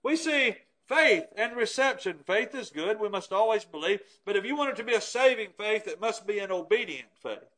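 A preacher delivers a sermon in a strikingly high voice for a man. He speaks emphatically and keeps putting rhetorical questions to his listeners. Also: lively intonation, moderate pace, few pauses, a bit bright.

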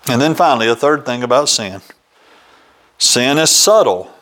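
A man's voice: mid-range voice, lively intonation, normal speed, sharp tone, rough recording. A man preaching a sermon, earnest and citing scripture by chapter and verse, with homely examples. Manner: uses homely examples, occasional ums.

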